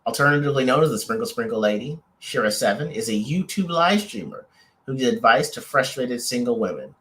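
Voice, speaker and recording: A man's voice: medium pitch, lively intonation, brisk, fairly bright tone. A man co-hosting a couples podcast, rambling and teasing in casual chat. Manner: rambling, lots of restarts and fillers; playful teasing. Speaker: podcast co-host.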